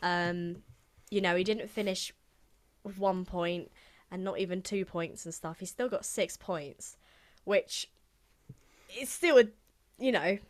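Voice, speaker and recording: A woman's voice: fairly low pitch, slow, long pauses. A young woman co-hosting a podcast, chatting casually with lots of fillers and laughter. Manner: bubbly, filler-heavy, laughs often. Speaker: podcast co-host. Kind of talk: casual chat.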